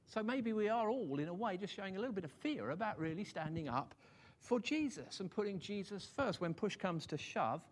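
High-voiced man preaching a casual sermon. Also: expressive, brisk. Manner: self-deprecating, chuckles often, repeats words when stumbling. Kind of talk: conversational sermon.

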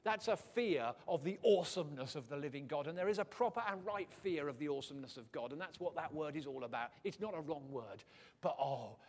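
In church, a male preacher with a voice high for a man talks fast through his sermon. Animated and jokey, he swings his pitch and loudness widely to drive his points home.

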